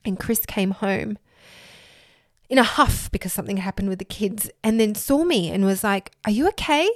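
A woman in her thirties telling a personal story in an earnest, reflective way, laughing softly between thoughts. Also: medium pitch, normal speed, no echo, clean studio sound. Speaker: podcast host.

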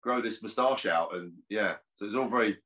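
A man's voice: lowish voice, a little fast, a bit bright. Chatty man, rambling. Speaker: actor guest. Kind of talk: casual podcast chat.

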